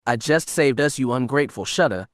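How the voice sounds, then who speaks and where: A man's voice: mid-range voice, animated, brisk, dry recording, clean studio sound, natural voice. A man voicing a steely Sith inquisitor woman. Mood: firm. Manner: firm, scornful. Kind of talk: audiobook character reading.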